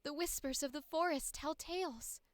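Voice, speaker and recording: A woman voicing a soft-spoken, tenacious young woman botanist in an anime-style audition read. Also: sits high, normal speed, dry recording, pitched above the performer's own voice, lightly acted. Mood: gentle. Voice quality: soft, gentle.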